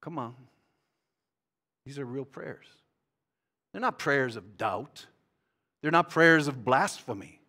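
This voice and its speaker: A man, a guest pastor, preaching a sermon that swings between loud bursts and hushed, tender passages. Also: medium pitch, lively intonation, slow pace, pauses often.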